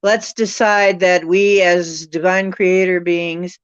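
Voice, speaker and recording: Woman host, lower voice, smooth, effusive and rambling chat, muffled lo-fi sound. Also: flat delivery, slow, no echo. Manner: effusive, rambling, spiritual talk. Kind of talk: casual livestream chat. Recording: muffled lo-fi audio.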